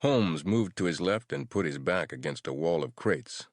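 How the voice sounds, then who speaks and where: Sex: male. Role: audiobook narrator. Style: scripted horror narration, measured and even. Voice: very low and deep, dry and close to the mic. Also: no room sound.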